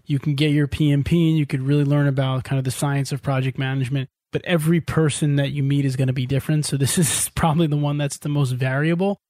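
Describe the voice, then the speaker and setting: A man hosting a podcast, asking questions and summarizing points in a clear, friendly way. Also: medium pitch, a little mellow, no echo, clean studio sound. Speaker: podcast host.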